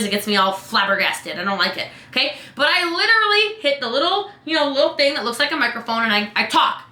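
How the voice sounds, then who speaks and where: A woman coach talks in a live Q&A with a high, bright, sharp voice. Her chat is playful and sassy, full of "like" and "okay?". The sound rings in an echoey room. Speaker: business coach. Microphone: webcam.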